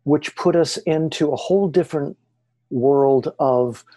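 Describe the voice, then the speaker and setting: Male interview guest who tells stories with animation; mellow tone with some breathiness. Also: on the high side, measured pace. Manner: excited, lively retelling. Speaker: podcast guest. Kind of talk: animated storytelling.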